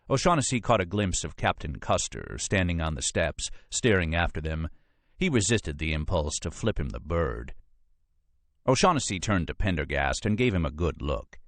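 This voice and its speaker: A man narrating an audiobook in a measured storytelling manner. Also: extremely low pitch, dry recording. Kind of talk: scripted narration.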